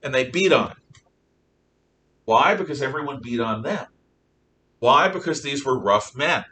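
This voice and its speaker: A man's voice: mid-range voice, animated, unhurried, sharp tone, far from the mic. A man teaching a Bible class, telling stories in an emphatic, conversational way with rhetorical questions.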